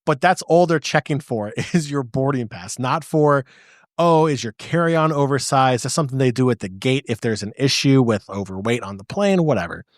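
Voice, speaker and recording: A man from the United States co-hosting a podcast, telling a story in casual chat with lively restarts. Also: mid-range voice, brisk, hardly any pauses, no echo, clean studio sound. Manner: animated storyteller with frequent restarts. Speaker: podcast co-host.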